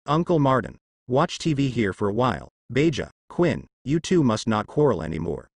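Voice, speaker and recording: Eager little robot girl in a storybook, read by a man, polite and lively. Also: mid-range voice, moderate pace, no room sound. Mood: chirpy.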